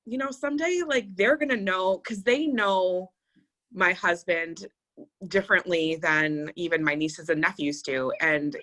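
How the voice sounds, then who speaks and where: Bright-voiced woman chatting on a podcast. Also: lowish voice. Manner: rambling, reflective, many fillers. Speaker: podcast co-host. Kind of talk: casual chat.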